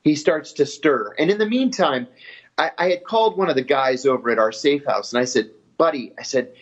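A man telling his story in an interview in a steady, matter-of-fact way. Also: a little high, brisk, slightly rough. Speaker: former intelligence officer telling his story. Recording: dull lo-fi audio.

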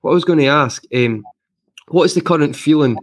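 A man's voice: a little high, brisk. A Scottish man co-hosting a casual podcast chat, asking questions in a hesitant, self-correcting way.

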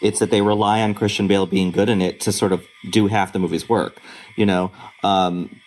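A man's voice: deep voice, little pitch movement, brisk, darkish tone. A man co-hosting a podcast, thinking aloud hesitantly with lots of fillers. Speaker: podcast co-host. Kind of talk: casual chat.

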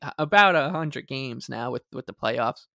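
A man co-hosting a sports podcast, talking in a measured, hesitant way. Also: mid-range voice, animated, gravelly, bright, forceful tone, no echo, studio quality. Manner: measured, hesitant, many fillers and restarts. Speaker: podcast co-host. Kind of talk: casual sports talk.

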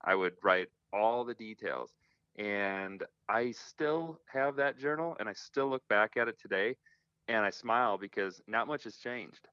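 A man's voice: lowish voice, animated, unhurried, bright, forceful tone, smooth, dry recording. A man talking as a guest in an interview, earnest and reflective, often restarting his sentences, over a phone line. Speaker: hunting guest. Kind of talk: casual interview talk. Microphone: phone call.

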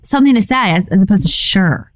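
A woman co-hosting a podcast, chatting in a lively, teasing way with giggles. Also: mid-range voice, fast talker, no room sound. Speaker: podcast co-host. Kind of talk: casual chat.

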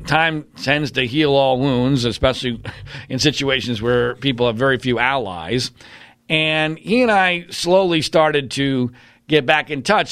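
A man's voice: mid-range voice, fairly bright tone, no room sound, clean studio sound. A man giving an emphatic, combative monologue with blunt opinions. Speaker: commentator.

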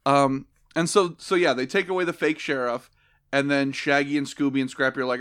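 A man's voice: medium pitch, steady tone, brisk, fairly bright tone, clear, resonant tone. A man co-hosting a podcast, recapping a cartoon movie in sarcastic, profane, joking chat. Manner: sarcastic, profane, acts out quotes in jokey voices. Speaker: podcast co-host. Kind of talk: casual comedic recap chat.

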